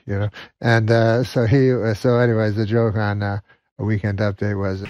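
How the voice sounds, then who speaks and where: A man telling stand-up jokes and anecdotes in a slow, halting, deadpan drawl. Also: fairly low pitch. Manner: drawling, halting with many uh's. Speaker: stand-up comedian.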